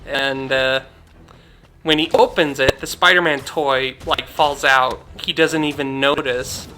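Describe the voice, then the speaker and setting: A man's voice: mid-range voice, fairly even intonation, unhurried, bright, forceful tone, a little hiss or hum. A young man hosting a gaming channel, chatting casually and heartfelt over gameplay, rambling with many fillers.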